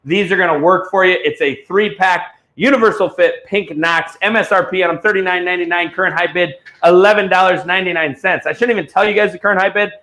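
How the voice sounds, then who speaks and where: A man hosting a live online auction, telling a rambling, profane story before pitching items. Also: fairly even intonation, fast talker, hardly any pauses, pushed and bright. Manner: rambling, ranting storyteller who swears freely. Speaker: livestream auction host. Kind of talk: casual livestream chat and product pitch.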